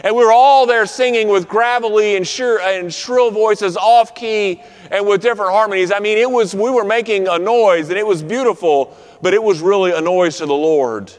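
A man with a fairly high voice preaches a sermon, building his points through rhythmic repetition and slowing down to land the key phrases. His voice carries a long reverb, as if it rises through a big sanctuary. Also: smooth. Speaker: pastor. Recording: long reverb of a large room.

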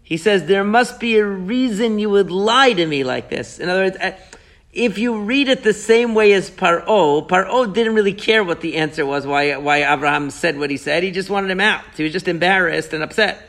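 A man leads a lively Torah study, animated and questioning as he walks his students through the text. His voice sits high and carries a gravelly rasp. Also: normal speed. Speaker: Torah teacher. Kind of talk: Torah class discussion.

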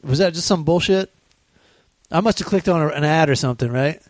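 A man's voice: a little high, brisk, dry recording. A man hosting a casual podcast, joking and teasing his guest with profane banter. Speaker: podcast host.

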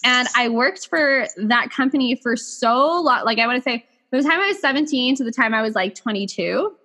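Bright-voiced woman podcast host storytelling. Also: a little high, fairly quick. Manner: animated, filler-heavy "like" talk. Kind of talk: casual storytelling chat.

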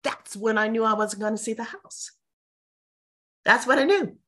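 A middle-aged woman, an interview guest, telling personal stories in a lively, casual way and acting out what people said. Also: on the high side, normal speed. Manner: animated, mimics people in quotes.

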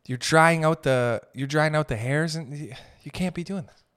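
A man's voice: on the high side, normal speed, fairly bright tone, smooth. A man in his thirties hosting a solo podcast, ranting in a profane, exasperated, rambling way full of restarts. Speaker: podcast host. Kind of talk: solo comedic rant.

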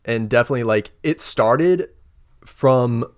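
A woman running a tabletop game as game master, relaxed and often searching for words as she narrates. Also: a bass voice, unhurried.

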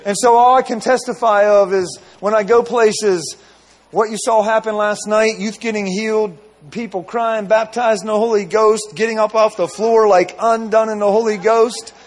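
A man with a notably high voice preaches a sermon. He tells his story loosely, circling back with repeated phrases and asides to the congregation. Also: steady tone, moderate pace.

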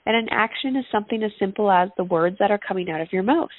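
A woman's voice: mid-range voice, quick pace, dry recording. A woman, a parenting coach, answering interview questions in an earnest, reflective way. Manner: earnest, reflective, uses personal examples. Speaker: parenting coach and podcaster, guest. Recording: tinny phone-line sound, dry.

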